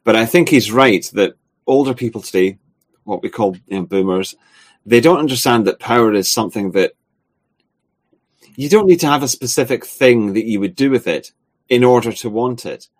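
A man co-hosting a spoken discussion, talking in a halting way with many filler sounds and restarts. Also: mid-range voice.

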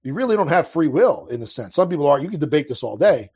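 A man with a husky, slightly breathy voice that sits a little high for a man. He talks earnestly and with passion, often breaking off and restarting his sentences in a loose, conversational flow. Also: sing-song, fast talker, a little mellow. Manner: earnest, impassioned, with frequent restarts. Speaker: podcast guest. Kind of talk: casual conversational monologue.

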